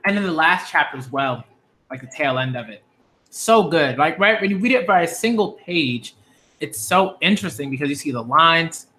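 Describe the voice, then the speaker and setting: Excitable slangy man reacting to manga. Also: on the high side, normal speed. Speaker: manga critic. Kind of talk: live reaction commentary.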